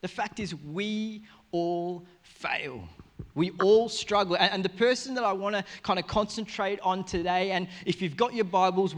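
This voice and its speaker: A young man preaches to his congregation with a notably high voice for a man. His delivery is casual and energetic, and he often breaks into side remarks and restarts his sentences as he goes. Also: long reverb tail. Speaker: pastor. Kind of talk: sermon.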